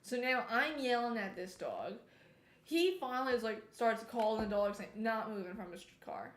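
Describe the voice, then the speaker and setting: A chatty woman streamer with a slightly high voice tells a long story as she plays, animated and breaking off now and then to comment on the game. Her voice sounds roomy, with a clear echo around it. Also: normal speed. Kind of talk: casual storytelling while gaming.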